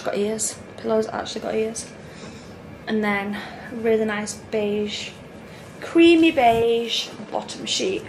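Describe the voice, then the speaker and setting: A woman in her thirties chatting casually at home as a family vlogger, gushing and chatty. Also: noisy background. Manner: chatty, gushing, talks to her toddler in a high voice. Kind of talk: casual chat. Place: home bedroom.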